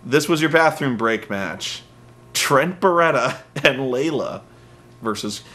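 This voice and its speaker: A man's voice: mid-range voice, animated, takes it slowly, bright, forceful tone, a little hiss or hum. A man giving a casual, sarcastic comedy recap of a wrestling show, ranting and poking fun. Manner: sarcastic, ranting, mocks wrestlers with silly voices.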